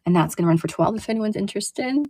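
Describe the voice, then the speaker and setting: A woman's voice: medium pitch, lively intonation, quick pace, dry recording. Chatty woman selling vintage brooches. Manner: chatty, warm asides, lots of fillers. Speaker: online vintage jewelry seller. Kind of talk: casual live selling show.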